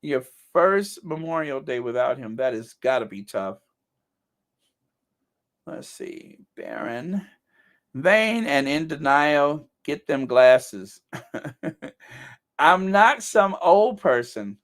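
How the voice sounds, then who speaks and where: A man's voice: mid-range voice, animated, slow, pauses often. A middle-aged man hosting a casual live chat, reading viewer comments and joking at his own expense with mock-indignant outbursts. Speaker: channel host.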